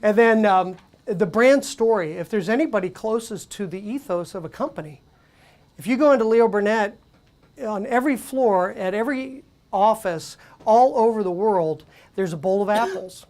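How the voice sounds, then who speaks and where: A woman presenting at a conference, speaking conversationally with animated storytelling and frequent fillers. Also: medium pitch, normal speed. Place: conference venue.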